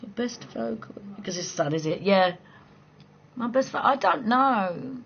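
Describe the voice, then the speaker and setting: A woman chats casually with viewers late at night and answers comments bluntly, swearing freely and laughing often. Her voice sits at an ordinary middle pitch. The recording sounds a little dull, with a faint hiss underneath. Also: lively intonation, unhurried, a bit bright. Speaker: live-stream host.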